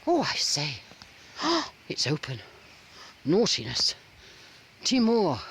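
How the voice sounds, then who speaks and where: A woman vlogging casually while walking around a rural old house, chatty and excitable, gasping and exclaiming often. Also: low-pitched, slow, long pauses, a little hiss or hum. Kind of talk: casual walking vlog chat. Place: outdoors at a rural old house, partly inside.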